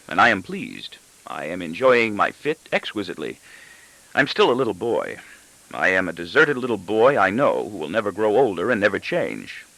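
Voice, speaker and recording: Low guy reading a novel aloud, lots of ups and downs, moody, dry booth sound. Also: creaky, bright, forceful tone, dry recording, poor audio. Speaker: audiobook narrator. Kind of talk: scripted first-person narration.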